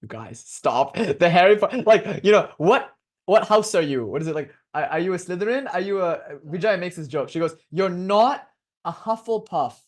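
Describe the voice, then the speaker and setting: A man in his twenties giving a casual, joking lecture on devotional philosophy to a class, lively and prone to laughing digressions. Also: high voice, fairly quick. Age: 20s.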